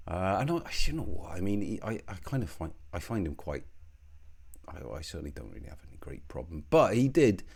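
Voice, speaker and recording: Low, dark-voiced man ranting sardonically. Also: sing-song, brisk, gravelly, breathy edge. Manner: profane, rambling, sardonic; puts on a mock accent. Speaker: online commentator. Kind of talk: ranting video commentary.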